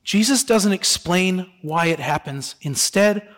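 A man preaching a sermon as pastor, very expressive, sinking soft and slow on solemn words and rising on rhetorical questions. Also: sits high, in a large hall. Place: church sanctuary.

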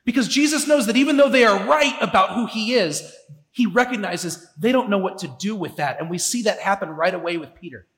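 A man's voice: high-pitched, brisk, a bit bright. A man preaching a sermon in a conversational way, with emphatic repetitions, in a church sanctuary. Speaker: pastor. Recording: echoey hall with long reverb.

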